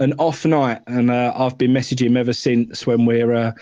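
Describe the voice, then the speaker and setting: A man chatting on a fan live stream, mid-pitched and blunt, with plenty of swearing and rambling asides. The sound is dry, with no room echo, and the audio is a bit muffled and lo-fi. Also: little pitch movement, moderate pace, dark tone. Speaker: football fan show co-host. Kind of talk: casual live-stream chat.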